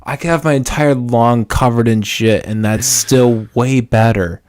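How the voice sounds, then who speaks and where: A man's voice: medium pitch, measured pace, a little mellow, slight background noise. A man hosting a podcast in a laid-back, blunt and profane casual chat. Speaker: podcast host.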